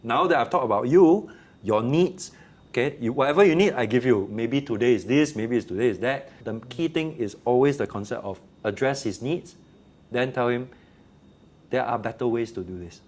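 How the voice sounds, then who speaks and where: This man, a teacher with a Singaporean accent, speaks at a moderate pace in a mid-range voice. He shares classroom stories in a casual interview, animatedly performing the quotes.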